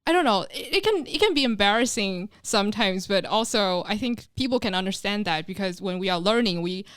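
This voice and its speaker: A woman, an English teacher, talking in a casual podcast chat in a recording studio, lively and emphatic. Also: mid-range voice, fairly quick, clear, resonant tone, no room sound.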